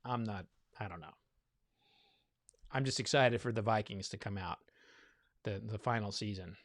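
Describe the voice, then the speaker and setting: A man's voice: on the low side, normal speed, no echo, studio quality. A man hosting a bourbon tasting, chatting loosely and thinking aloud with many fillers, a little winded from all the talking. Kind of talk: casual live tasting chat.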